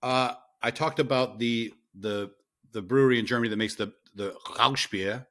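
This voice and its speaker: A man co-hosting a podcast in casual chat, pausing with fillers and correcting himself as he goes. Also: medium pitch, steady tone, fairly bright tone. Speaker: podcast co-host.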